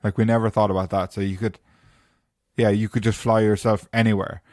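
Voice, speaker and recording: A man's voice: on the low side, level tone, a little fast, darkish tone, no room sound, studio quality. A man hosting a casual podcast chat, teasing his friends and steering them back to the questions. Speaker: podcast host.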